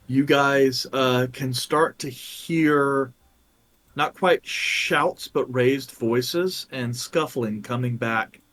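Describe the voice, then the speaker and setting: A man narrating as game master in a tabletop role-playing game, unhurried and filling pauses with ums and uhs. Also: medium pitch, fairly bright tone.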